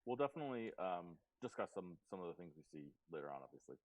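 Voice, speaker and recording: A man's voice: low voice, sing-song, fast, rough recording. A man playing a tabletop game, chatting and joking with the others. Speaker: player. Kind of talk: casual tabletop game chat.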